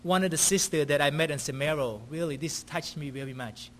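A man with a high voice delivers a sermon. He reads scripture aloud, then moves into storytelling, and he keeps checking in with his listeners by asking "right?". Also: fairly quick, a little hiss or hum. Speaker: preacher.

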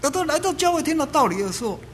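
A man preaching a sermon in lively, emphatic phrases, pausing for an interpreter. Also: extremely high pitch.

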